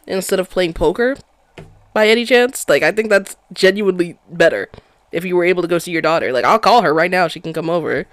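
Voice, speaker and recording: A streamer giving crude, excitable live commentary on a game, chattering and laughing. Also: medium pitch, fairly quick. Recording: game music underneath. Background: game music.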